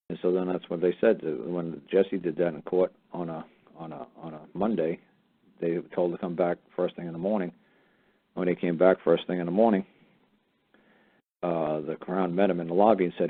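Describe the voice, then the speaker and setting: Brief: low husky male talk-show host, blunt and excitable, tinny phone audio. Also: moderate pace. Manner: blunt, profane, excitable storytelling. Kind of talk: heated casual talk on a call-in show.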